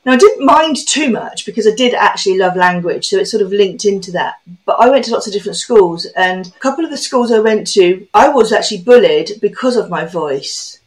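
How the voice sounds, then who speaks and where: A woman hosting a podcast interview, reflective and chatty, telling her own stories at a brisk conversational pace. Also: mid-range voice, lively intonation, low-quality recording. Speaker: podcast host.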